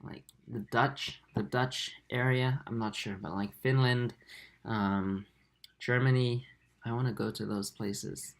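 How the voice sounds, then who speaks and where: Young guy in his 20s, livestream chat reading comments, soft and halting, lots of ums. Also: medium pitch, fairly even intonation. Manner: soft-spoken, halting, with many fillers. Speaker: aquarium channel host.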